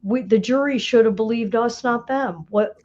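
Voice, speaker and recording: A woman's voice: fairly high pitch, normal speed, highs cut off, crowd noise. A woman co-hosting a legal discussion, reading aloud and bluntly mocking the arguments. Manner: blunt, mocks the argument she reads. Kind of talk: casual chat and reading aloud.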